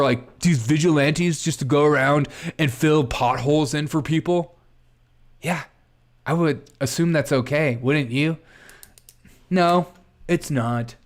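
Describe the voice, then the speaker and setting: A man hosting a casual political commentary livestream, reacting to clips with sarcasm and frequent laughter. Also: a little high. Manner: sarcastic, laughs often, thinks aloud.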